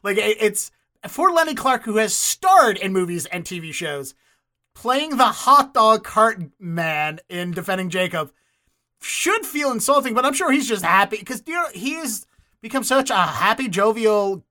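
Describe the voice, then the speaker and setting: A man who works as an actor, telling animated stories in casual chat, laughing and cursing now and then. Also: high voice, normal speed. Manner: animated, swearing, laughing storyteller.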